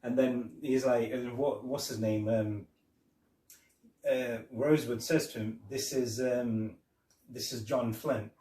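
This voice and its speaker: A man's voice: medium pitch, fairly even intonation, takes it slowly, mellow, a little hiss or hum. Man, podcast co-host, rambling film chat, roomy echo, distant mic. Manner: rambling, retells scenes with quoted lines and laughs. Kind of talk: casual film review chat. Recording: echoey room, distant mic.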